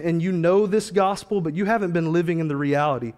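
A man's voice: on the high side, brisk, hardly any pauses, a little mellow, in a large hall. A man preaching a sermon as a pastor, telling a story in a casual, slangy, conversational way.

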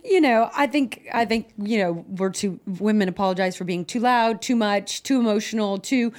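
A woman's voice: medium pitch, normal speed. A woman co-hosting a casual podcast, talking in an emphatic, encouraging way. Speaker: podcast co-host. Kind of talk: casual chat.

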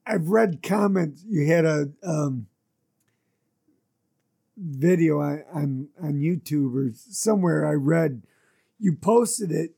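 A man's voice: a little high, vocal fry, dark tone, slightly rough. A man hosting a casual interview, asking easygoing questions. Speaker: host.

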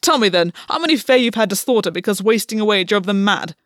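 A woman's voice: mid-range voice, lively intonation, fast, dry recording, studio quality, close to an everyday voice. A woman voicing a desperate, bitter male fae king in an audiobook reading, pleading and accusing in a raw tone.

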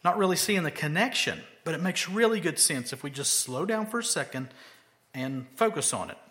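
A man's voice: a little high, expressive, normal speed, sharp tone. A male pastor preaching a sermon conversationally, with emphatic rhetorical questions.

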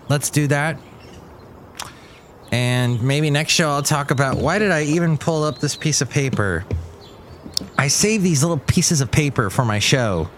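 A man hosting his own show in an easygoing, rambling monologue. He thinks aloud and drifts from one thought to the next. His voice sits at an ordinary middle pitch. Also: slight background noise. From California. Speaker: host.

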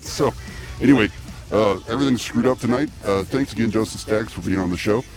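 A low-voiced man hosts a comedy podcast in a loose, rambling way and keeps apologizing. Music plays clearly behind him. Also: fairly quick. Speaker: podcast host. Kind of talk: casual talk.

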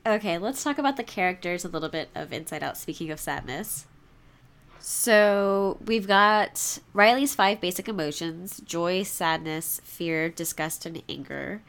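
A young adult woman co-hosting a casual chat, talking fast with frequent laughs as she leads the discussion. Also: fairly low pitch, vocal fry, fairly bright tone, clear, resonant tone. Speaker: podcast co-host.

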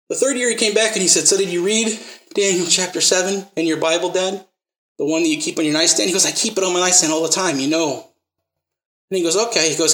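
A man's voice: a little high, pushed and bright, roomy sound, rough recording. A man preaching a sermon, telling stories and acting out the quotes, then pressing the listeners with emphatic rising questions.

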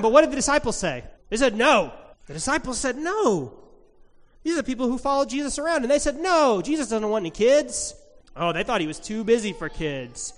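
A man preaches to children in a church sanctuary, his voice sitting high for a man. He keeps asking the kids questions and cheering their answers. The sound carries a long hall reverb. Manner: asks kids questions in a lively, encouraging way. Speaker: pastor. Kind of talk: children's sermon.

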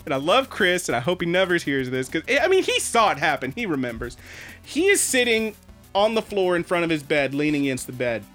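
Bright-voiced man telling stories animatedly. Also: a little high, a little fast, faint music behind. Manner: animated storytelling, swearing freely. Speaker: podcast co-host. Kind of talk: casual chat.

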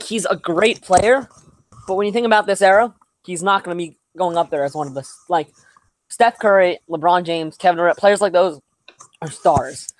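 A young man co-hosting a podcast, talking casually about sports in a relaxed, rambling way full of fillers. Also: high-pitched. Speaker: podcast co-host.

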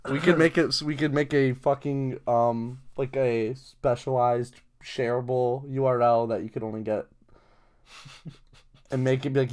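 A young man co-hosts a casual podcast, trading loose, profane banter and laughing often. His voice is smooth and clear, sitting at a middle pitch. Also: fairly even intonation, measured pace. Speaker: podcast co-host.

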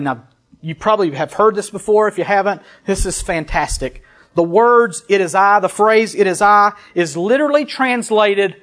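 A pastor with a high, light and fairly bright voice preaches a sermon. He reads scripture aloud with emphasis before breaking into casual, conversational remarks to his congregation.

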